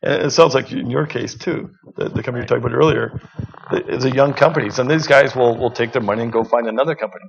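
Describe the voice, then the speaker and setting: Gravelly-voiced man telling a story. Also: mid-range voice, quick pace, slight background noise. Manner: storytelling with many restarts. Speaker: panelist. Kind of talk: panel discussion anecdote. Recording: muffled lo-fi sound.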